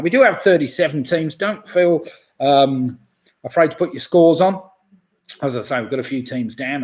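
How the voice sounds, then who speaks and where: A man hosting a live online pub quiz, reading out answers and scores in a chatty way with jokey asides. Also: on the high side.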